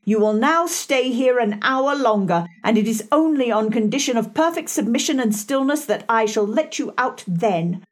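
A woman voicing a stern, cold older aunt who speaks in a slow, peremptory way. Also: a little high, lively intonation, close to an everyday voice.

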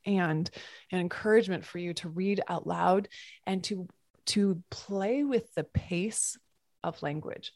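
A woman yoga teacher giving a reflective podcast talk, musing softly with halting restarts. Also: lowish voice, no room sound, clean studio sound.

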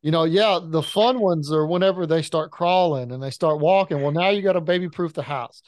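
A man in his thirties, a podcast co-host telling rambling, animated stories about his kids in casual chat. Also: fairly high pitch, fairly quick, no room sound.

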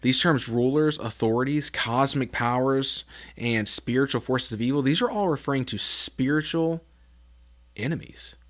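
A man's voice: medium pitch, moderate pace. A man hosting a Bible teaching podcast, reading scripture aloud and stressing key words earnestly. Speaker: podcast host.

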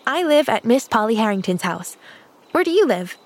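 A woman's voice: a little high, big pitch swings, normal speed. A woman doing a chirpy eager little girl. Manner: bright, chatty, eager questions. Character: cheerful eager eleven-year-old girl.

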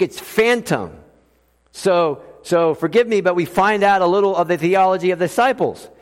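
High-voiced preacher in a reverberant hall. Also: male voice. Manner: lively, humorous storytelling preacher. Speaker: pastor. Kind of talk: sermon.

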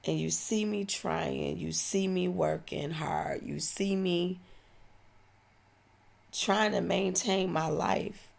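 Woman, 40s; deep, heavily creaky voice; slow, heartfelt testimony. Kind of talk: personal testimony.

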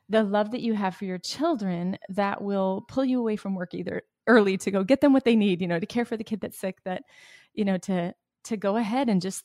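A middle-aged woman co-hosting a faith podcast, telling a family story in an animated way, acting out quotes and laughing. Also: mid-range voice, no echo, studio quality. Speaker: podcast co-host.

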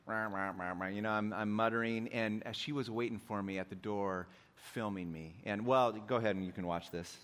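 Middle-aged man, pastor, relaxed chatty sermon with self-deprecating humor. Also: fairly low pitch, normal speed, hardly any pauses. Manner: joking, conversational, self-deprecating.

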